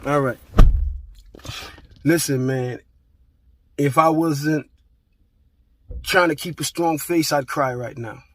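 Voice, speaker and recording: A man's voice: on the high side, slow, pauses often, dry recording. A man talking bluntly and emphatically, repeating himself and swearing freely, in a heartfelt pep talk.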